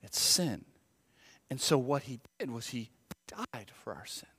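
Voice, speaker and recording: A man preaching a sermon as pastor, telling a story with lively, acted-out voices and dropping to hushed tones. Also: medium pitch, unhurried, breathy edge. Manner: animated storytelling, acts out voices in the story, swings from loud to hushed. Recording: long hall reverb.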